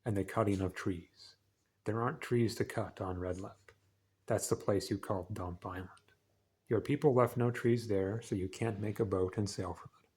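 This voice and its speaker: Guy doing a slow grave alien forest chief, low and measured, storybook reading. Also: mellow, husky. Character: calm solemn male alien forest leader. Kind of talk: reading a novel aloud.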